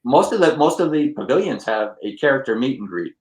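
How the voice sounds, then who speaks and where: Excitable man in an echoey room. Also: mid-range voice, fairly quick. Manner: excitable, enthusiastic. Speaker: podcast co-host. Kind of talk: casual podcast chat. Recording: roomy echo.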